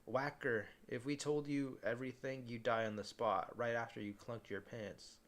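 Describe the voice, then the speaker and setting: A man reading as a gruff young leader. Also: medium pitch, steady tone, normal speed, a bit bright, close to an everyday voice. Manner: rough slangy speech. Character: gruff blunt young male group leader.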